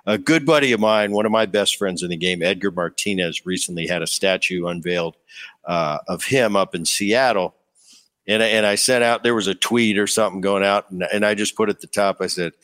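A man's voice: fairly low pitch, brisk, fairly bright tone. A man hosting a podcast, chatting in an easygoing way and stumbling over his words. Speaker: podcast host. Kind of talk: casual interview chat.

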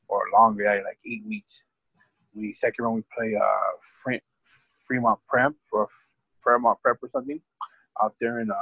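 Guy with a lowish husky voice ranting about a football game, swearing a lot, dry close mic. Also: a bit bright, no room sound, low-quality recording. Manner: profane, rambling storytelling. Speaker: podcast guest; high school football coach. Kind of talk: casual storytelling.

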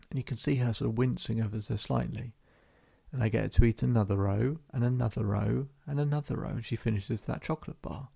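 A man hosting a podcast, calmly telling a story from his hypnotherapy practice with measured, repetitive phrasing. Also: mid-range voice, creaky, husky.

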